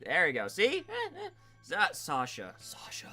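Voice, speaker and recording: Lively, bright-voiced man joking around. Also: on the high side, takes it slowly, soft background music. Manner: animated, jokey, swears and laughs often. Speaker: host voicing game characters. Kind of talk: casual let's-play commentary.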